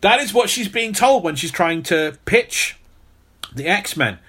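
A man's voice: sits high, expressive, takes it slowly, bright, forceful tone, husky. A man hosting a podcast, telling a long story in casual chat and often restarting his sentences. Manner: storytelling, repeats words when restarting. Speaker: podcast host.

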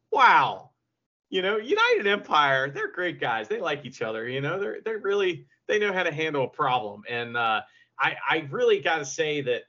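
A man with a somewhat higher voice co-hosts a podcast, recapping in a rambling way full of fillers. He sounds enthusiastic. The audio is slightly dull and lo-fi. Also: bright, forceful tone. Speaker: podcast co-host. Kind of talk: casual wrestling recap.

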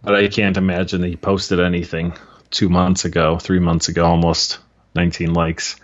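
A man's voice: low voice, completely flat delivery, moderate pace, dull audio. A man co-hosting a podcast, guessing answers in casual chat with a self-deprecating, hesitant manner. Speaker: podcast co-host.

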